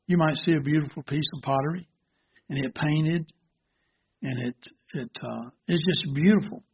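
A man's voice: fairly high pitch, creaky, breathy edge, muffled recording. A man preaching a sermon, earnest and illustrative, telling a parable. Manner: slow, earnest, gently illustrative. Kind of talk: sermon with storytelling.

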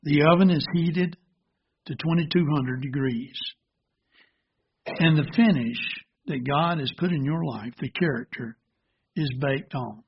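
A man's voice: a little high, slightly rough, muffled recording. A man preaching a sermon, earnest and illustrative, telling a parable. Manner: slow, earnest, gently illustrative. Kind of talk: sermon with storytelling.

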